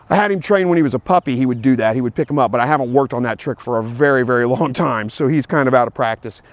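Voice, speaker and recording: In a casual outdoor vlog, an easygoing man with a medium-pitched voice gives dog training tips from a field. He talks plainly, repeats himself, and calls out commands to his dog.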